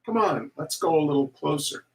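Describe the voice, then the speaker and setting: A man's voice: on the high side, animated, normal speed, a little mellow. A man reading aloud, voicing a sensible young boy who tries to sound brave and reassuring. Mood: earnest. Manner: doubtful, reassuring.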